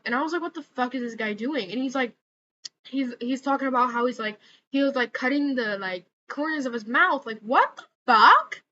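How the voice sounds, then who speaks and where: A woman's voice: on the high side, sharp tone. A young woman ranting casually in a vlog, swearing often and filling her talk with "like". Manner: profane, exasperated, many fillers like "like". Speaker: vlogger. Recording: slightly dull lo-fi audio with faint noise.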